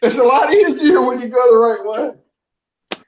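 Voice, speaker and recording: A man, co-hosting a casual live stream while working on an engine, excitable and quick to exclaim. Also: very high voice, a crowd in the background. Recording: echoey room, dull audio.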